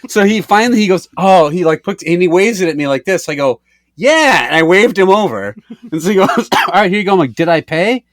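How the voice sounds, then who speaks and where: A man co-hosting a casual podcast, telling a story with a pitch that jumps all over the place. He acts out every voice in the exchange and swears freely. His voice is slightly higher than most men's, and the sound is dry and close. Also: animated, fast, no echo. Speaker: podcast co-host. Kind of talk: casual chat.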